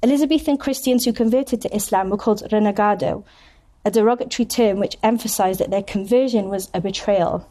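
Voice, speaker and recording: A woman from Wales, giving a conference talk as a poet, telling stories with wry humorous asides and slowing down to read poems deliberately. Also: medium pitch, mellow. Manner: slows down and reads poems deliberately. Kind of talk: conference talk with poetry reading. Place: university conference room.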